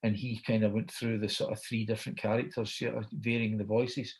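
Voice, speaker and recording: A man's voice: on the low side, level tone, brisk, a little mellow. A middle-aged man with a Scottish accent, chatting and telling an anecdote, quoting people as he goes. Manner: chatty, quotes people in dialogue. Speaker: guest storyteller.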